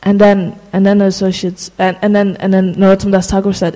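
Halting devotional storyteller in a reverberant room. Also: medium pitch, flat delivery, dark tone. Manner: halting, many fillers and restarts, slows for emphasis.

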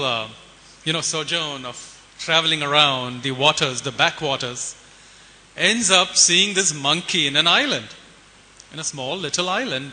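Male preacher, storytelling sermon, very bright tone, reverberant hall, light hiss. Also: a little high. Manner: conversational, rhetorical questions to the audience.

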